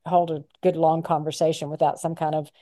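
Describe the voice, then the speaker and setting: A woman hosting a podcast, chatting in a relaxed, easygoing way. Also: sits low, a little fast. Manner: chatty, relaxed, easily amused. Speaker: podcast host. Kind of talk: casual interview chat.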